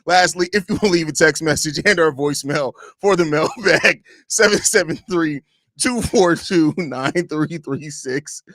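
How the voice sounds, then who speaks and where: A man hosting a sports podcast with a bright, forceful voice, recorded dry and close with no room sound. He slides from loose, repetitive talk into profane, exasperated rants, mocking and shouting, with bursts of laughter. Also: fairly high pitch, unhurried, dry recording. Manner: laughs between lines, repeats himself. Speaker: podcast host. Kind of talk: solo sports podcast rant.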